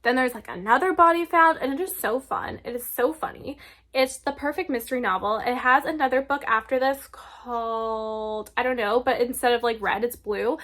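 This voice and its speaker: A young woman chatting casually and excitedly about books she loves, with lots of filler words. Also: fairly high pitch, moderate pace. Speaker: book reviewer. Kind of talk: casual book recommendation vlog.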